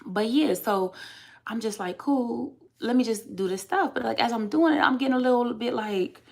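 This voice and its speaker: A woman's voice: a little high, normal speed, gravelly, a little mellow. A young adult woman from the United States venting candidly to her live-stream chat and talking back to commenters. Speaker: vlogger.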